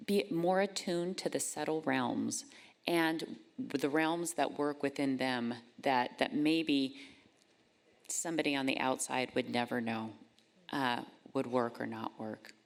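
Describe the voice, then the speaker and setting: A woman's voice: extremely low pitch, slow pace. A woman on a panel discussion who talks in a searching, hesitant way with many fillers.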